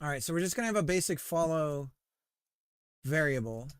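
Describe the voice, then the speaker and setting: A man's voice: on the high side, lively intonation, fairly quick, clean tone. A man game developer livestreaming, chatting casually while coding, rambling and self-mocking with frequent laughs.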